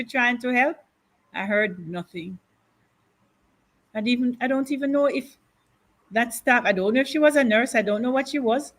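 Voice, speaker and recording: A woman being interviewed, slowly and deliberately recounting a painful loss in grief. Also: a little high, fairly bright tone. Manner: slow, grieving, deliberate retelling with repetition. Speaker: widow of a councillor, guest. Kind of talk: emotional interview testimony.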